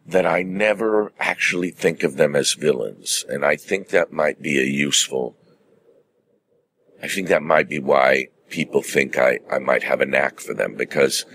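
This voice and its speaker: A middle-aged man, a stage actor, telling stories in a relaxed, measured way as an interview guest. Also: very deep voice, slight background noise. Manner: measured, theatrical anecdote-telling with acted-out quotes.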